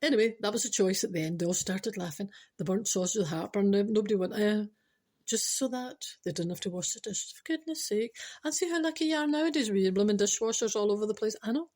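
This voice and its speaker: With a medium-pitched, animated voice that is a little mellow, a woman in her forties from Scotland moves at a quick pace through a rambling comic story. She interrupts herself, keeps repeating "I know," and ad-libs and digresses as she chats.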